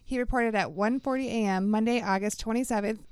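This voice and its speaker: Smooth-voiced woman podcast host. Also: fairly high pitch, fairly quick, a little mellow, no room sound, studio quality. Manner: reads news articles aloud with fillers and laughs. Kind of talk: casual podcast chat.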